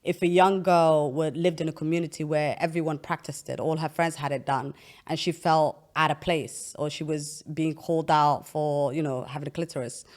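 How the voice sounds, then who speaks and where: A woman's voice: deep voice, fairly even intonation, normal speed, darkish tone. A young woman hosting an interview, explaining at length in an earnest, casual way with frequent restarts. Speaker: podcast host.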